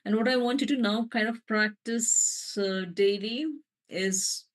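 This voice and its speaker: A woman, an energy healer, leading a live guided healing meditation, speaking slowly and gently through spoken affirmations. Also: mid-range voice, steady tone. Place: live online session.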